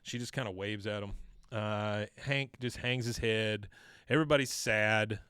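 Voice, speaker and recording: A man co-hosting a podcast, recapping a cartoon episode in casual chat and acting out the characters' lines in excited bursts. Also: fairly low pitch, measured pace, smooth, dry recording, studio quality. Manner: animated, acts out quotes in excited bursts. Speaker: podcast co-host.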